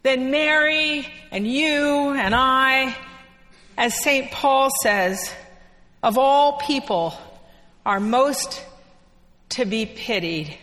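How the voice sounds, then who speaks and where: A woman preacher giving a sermon in a church, telling the story in an unhurried way with dramatic pauses. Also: high-pitched, fairly bright tone, soft background music. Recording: long echo of a church hall.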